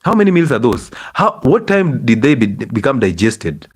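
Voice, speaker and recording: A middle-aged Kenyan man speaking English, lecturing an audience on health like a doctor. He scolds with pointed rhetorical questions and talks in an animated way. His voice sits at an ordinary male pitch. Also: moderate pace, breathy edge. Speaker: doctor giving a health talk.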